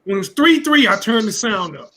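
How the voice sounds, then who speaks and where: Bright-voiced high man telling stories. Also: expressive, a little fast, rough recording. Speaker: podcast co-host. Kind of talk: casual sports chat.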